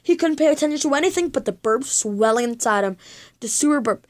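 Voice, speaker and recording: Female reader for a children's book, slightly high voice, dramatic and expressive. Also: a little fast. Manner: expressive, dramatic storytelling with sound effects. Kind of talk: reading a children's chapter book aloud.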